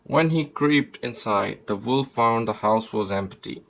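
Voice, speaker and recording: A man reading a children's fairy tale aloud in a steady storybook manner. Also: medium pitch, measured pace, gravelly, rough recording. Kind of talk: scripted narration of a fairy tale.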